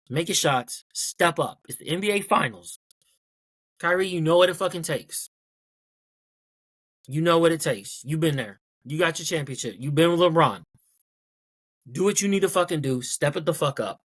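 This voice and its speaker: A man's voice: a little high, fairly bright tone. A man hosting his own podcast in a casual solo rant, blunt and profane, repeating points for emphasis. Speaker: podcast host.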